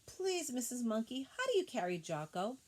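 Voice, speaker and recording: A woman's voice: fairly high pitch, very animated, moderate pace, darkish tone, voice pushed up. A woman doing a pleading mother kangaroo. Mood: tearful, pleading. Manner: pleading, sweet. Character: tearful gentle mother kangaroo.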